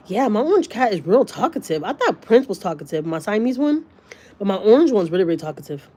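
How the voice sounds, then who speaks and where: A woman's voice: mid-range voice, lively intonation, fairly quick, warm tone. A woman hosting a casual livestream, reading viewer comments and talking bluntly, swearing freely and piling on fillers. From Texas, USA. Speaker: livestream host.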